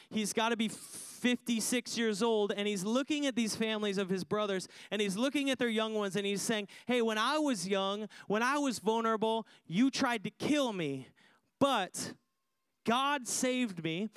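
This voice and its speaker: A man's voice: sits high, moderate pace, a bit bright, clean tone, no room sound. A man preaching a sermon, emphatic, repeating phrases for effect and putting questions to his listeners. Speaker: pastor.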